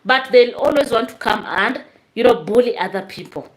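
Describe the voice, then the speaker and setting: A woman's voice: on the high side, expressive, normal speed. A woman hosts a live stream, reading out viewer comments and chatting straight to her viewers.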